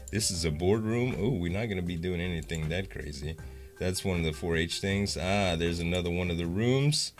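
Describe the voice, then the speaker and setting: A young man, vlogging casually to his viewers in a rambling, upbeat way with lots of fillers. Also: sits low. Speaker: gaming YouTuber. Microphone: facecam.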